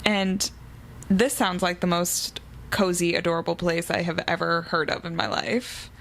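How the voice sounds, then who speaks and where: A woman's voice: lowish voice, little pitch movement, measured pace, fairly bright tone, slight background noise, low-quality recording. A woman co-hosting a casual book podcast, recapping the plot eagerly. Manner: chatty, recapping the plot with enthusiasm. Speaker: podcast co-host.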